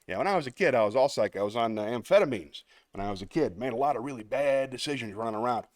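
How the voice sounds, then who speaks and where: A man's voice: mid-range voice, expressive, racing, dry recording, studio quality. A man hosting a live stream, chatting upbeat with viewers and laughing between performances. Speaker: livestream host.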